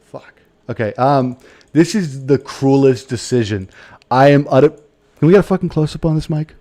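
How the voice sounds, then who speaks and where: A man hosting a casual game livestream, excitable and profane, given to mock-dramatic rants. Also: medium pitch, moderate pace. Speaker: streamer host. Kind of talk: casual livestream chat while gaming.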